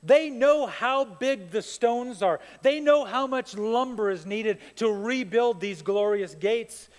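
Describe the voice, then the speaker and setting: A man preaching a sermon as pastor, telling stories in an animated way that builds to fired-up peaks. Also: high-pitched, slow. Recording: long hall reverb.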